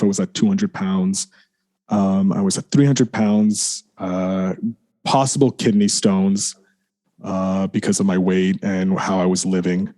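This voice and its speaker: A man's voice: on the low side, mellow. A man, a podcast guest, telling a candid personal story in a rambling way, full of "like" and restarts. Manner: rambling, leans on fillers like "like" and restarts; apologizes for swearing.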